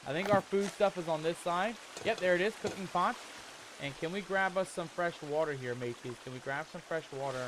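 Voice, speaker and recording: Brief: male let's-play host, high-pitched, excitable and jumpy, faint background hiss. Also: brisk. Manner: jumpy, excitable, loud when scared; calls viewers "mateys". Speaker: gaming YouTuber.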